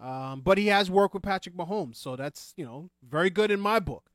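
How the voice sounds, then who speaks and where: A man's voice: sits high, lively intonation, moderate pace, a bit bright, no echo, clean studio sound. A man giving his opinions on a casual sports talk show, hesitant, with many ums and restarts. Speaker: podcast co-host.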